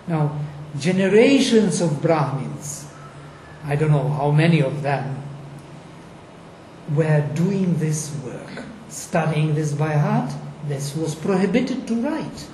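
An emphatic speaker lectures on a panel, throwing in rhetorical questions to drive each point home. The voice is dark and mellow. It rings in an echoey room over a faint hiss. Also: mid-range voice, expressive, slow pace. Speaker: lecturer on Vedic recitation. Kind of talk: panel discussion explaining.

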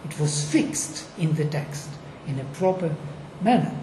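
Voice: medium pitch, lively intonation, measured pace. A speaker explaining ancient recitation on a discussion panel, emphatic and fond of rhetorical questions. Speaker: lecturer on Vedic recitation. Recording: echoey room, faint noise.

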